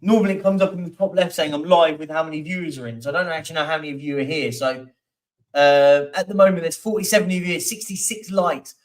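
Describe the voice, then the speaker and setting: A chatty man with a fairly high voice hosts a live stream from home, meandering through numbers and comments with plenty of ums. His voice sits a little back from the mic. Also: quick pace, far from the mic. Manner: rambling, chatty, reads out stats with many fillers. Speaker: livestream host. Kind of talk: casual live-stream chat reading viewer comments.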